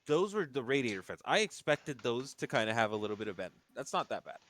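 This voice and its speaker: A man's voice: medium pitch, big pitch swings, fast talker, fairly bright tone, slight background noise. Casual, swearing man on a podcast. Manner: casual, reactive, profane. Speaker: podcast co-host. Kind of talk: casual chat.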